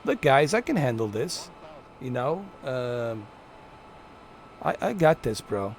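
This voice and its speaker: Chatty male streamer, playful, mid pitch. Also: very animated, slow pace, a little hiss or hum. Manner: chatty and playful, talks to his viewers. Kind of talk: casual gameplay commentary.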